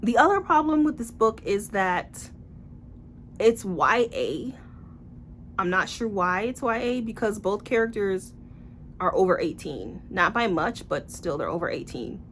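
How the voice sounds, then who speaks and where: A woman's voice: medium pitch, unhurried, slight background noise. Blunt, sarcastic woman reviewing books. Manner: animated, acts out quoted characters. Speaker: book reviewer. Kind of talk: casual book review vlog.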